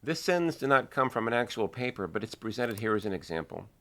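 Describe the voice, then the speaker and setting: A middle-aged man giving a measured, earnest video lesson on writing. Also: fairly low pitch, very animated, pushed and bright. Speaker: writing teacher.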